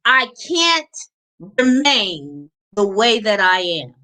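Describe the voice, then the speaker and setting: A woman's voice: mid-range voice, sing-song, very slow, pushed and bright. A woman coach giving a live motivational talk in an emphatic, preachy, repetitive way.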